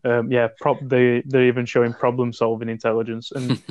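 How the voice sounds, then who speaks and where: A man's voice: medium pitch, level tone, a little fast, a little mellow, no room sound. A man co-hosting a casual film chat, talking animatedly and arguing his points emphatically. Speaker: podcast co-host. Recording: dull lo-fi dry sound.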